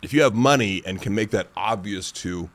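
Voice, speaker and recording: Dude with a lowish voice rambling on a podcast, lots of likes. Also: male voice, moderate pace. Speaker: podcast host. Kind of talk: casual chat.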